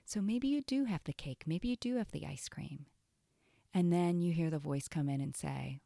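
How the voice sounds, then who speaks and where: A woman's voice: low voice, normal speed, creaky, warm tone, dry recording, clean studio sound. A woman coach giving an earnest teaching talk on self-care, often asking "right?".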